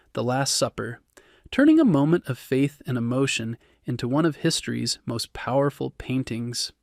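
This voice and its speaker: A man narrating a bedtime history story in a calm, soothing, scripted way. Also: mid-range voice, no room sound, studio quality.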